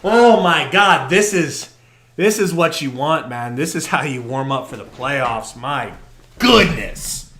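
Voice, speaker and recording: Excitable fan calling a game live. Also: male voice, medium pitch, slow, echoey room. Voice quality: profane, partisan fan commentary. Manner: excitable, swings from muttering to shouting. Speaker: podcast co-host doing live play-by-play. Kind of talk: live fan play-by-play reaction stream. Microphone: poor quality microphone.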